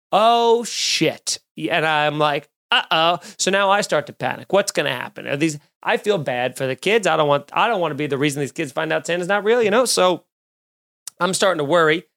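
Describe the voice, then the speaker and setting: A male comedian hosts his own podcast, spinning a long anecdote in casual, profane chat. His voice sits a bit high for a man. He jumps into quick impressions of the people in his story. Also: gravelly. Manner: animated, swearing, acts out quoted voices.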